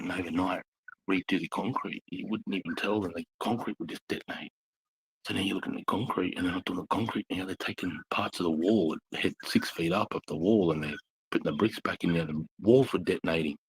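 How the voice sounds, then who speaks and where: Gravelly deep-voiced Australian army veteran. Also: male voice, poor audio. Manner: blunt, heavy swearing, intense. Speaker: army veteran telling war stories. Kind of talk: casual bar chat.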